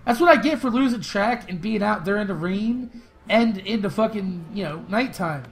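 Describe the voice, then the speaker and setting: A young man hosting a gaming channel, telling stories and answering viewer questions in loose, profane, laughing chat that flares into excited shouts during fights. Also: sits high, moderate pace, vocal fry, low-quality recording. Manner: loose, profane storytelling with frequent laughs and fillers. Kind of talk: casual gameplay commentary with viewer Q&A.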